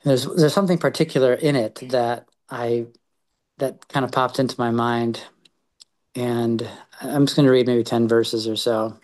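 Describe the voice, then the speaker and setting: A man leading a small Bible study, reading scripture aloud and then reflecting on it in an earnest way. He talks haltingly, often repeating a word or starting a phrase over. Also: medium pitch, fairly even intonation, darkish tone. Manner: halting, with frequent repeated words and restarts.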